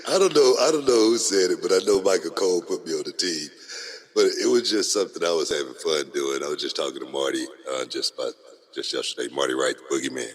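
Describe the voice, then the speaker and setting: A middle-aged man, hosting a casual podcast chat, animated, laughing often and repeating himself. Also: very deep voice, quick pace, in a large hall. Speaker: podcast host.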